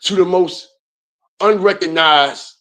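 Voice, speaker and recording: A man hosting a commentary channel, ranting in a loud, profane and mocking way and talking straight to his viewers. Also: sits high, takes it slowly. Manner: loud, profane, mocking, repeats "all right" and "y'all".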